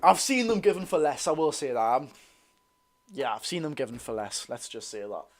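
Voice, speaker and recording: A young man with a Geordie accent giving excitable, bantering live commentary on a football match while reading out viewer comments. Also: medium pitch, brisk. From North East England. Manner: excitable, banter-filled, reads chat aloud. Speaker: football channel host.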